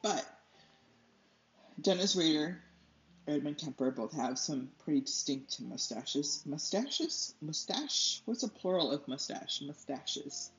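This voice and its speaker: Here the painter speaks slowly in a low, expressive voice, an American channel host dealing with allergies. Her casual chat rambles and loses its thread, often breaking into laughter, while faint music plays in a roomy space with somewhat dull audio.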